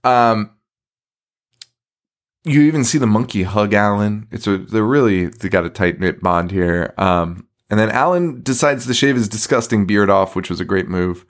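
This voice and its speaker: A man's voice: lowish voice, normal speed. A man co-hosting a podcast, recapping a horror movie in casual chat, swearing and laughing as he acts out lines. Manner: profane, laughing, acts out quotes. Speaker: podcast co-host.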